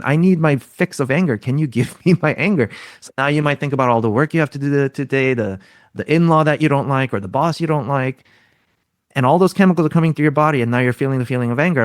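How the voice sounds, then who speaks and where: A man of middle pitch speaks as an interview guest, laying out ideas step by step like a teacher. He keeps asking his listeners questions and then answers them himself. The recording is dry and close, with no room sound. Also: no echo. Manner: teaching tone, frequent rhetorical questions. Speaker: podcast guest expert. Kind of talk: explaining in an interview.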